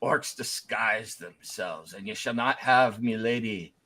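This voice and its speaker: A man's voice: on the low side, measured pace, a crowd in the background, voice pushed down, close to an everyday voice, poor audio. A man voicing the ghost of an old dwarf knight who guards a tomb, speaking in stern, archaic, defiant tones. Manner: archaic, defiant, bellowing at intruders.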